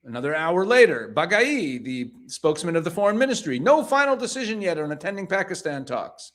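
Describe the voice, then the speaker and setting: A man's voice: high-pitched, big pitch swings, brisk, a bit bright. Man reading and unpacking news headlines. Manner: reads passages then paraphrases them pointedly, with rhetorical questions. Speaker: news commentator. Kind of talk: reading headlines aloud and commenting.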